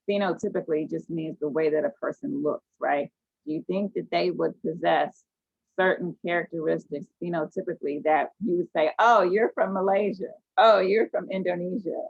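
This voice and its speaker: Low husky woman teaching over a tinny call. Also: no room sound. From United States. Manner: animated storytelling, asks students questions. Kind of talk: online class discussion. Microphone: video call. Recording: tinny phone-like video call audio.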